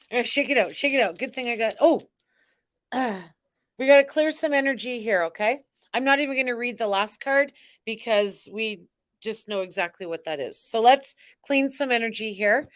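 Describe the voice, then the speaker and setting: A woman's voice: fairly high pitch, a bit bright. A woman hosting a live spiritual card reading, talking in an exuberant, theatrical way with chanting and cheering.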